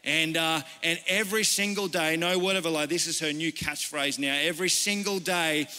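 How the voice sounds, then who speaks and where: A man's voice: fairly high pitch, normal speed, pushed and bright. A man with an Australian accent, a pastor giving an informal, earnest sermon and telling personal stories in a conversational way. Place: church service. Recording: reverberant church hall.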